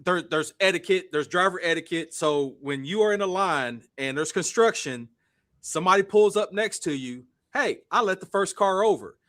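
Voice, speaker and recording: A man co-hosting a live stream, telling a story in a casual, animated way and acting out the people he quotes. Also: sits high, moderate pace. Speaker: stream co-host. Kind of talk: casual debate chat.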